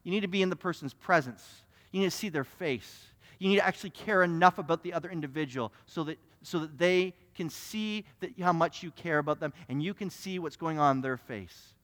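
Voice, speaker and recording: A man's voice: a little high, fairly quick, hardly any pauses, a bit bright. A male pastor preaching a sermon, stammering restarts and acting out small everyday scenes. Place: church sanctuary. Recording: long reverb in a church hall.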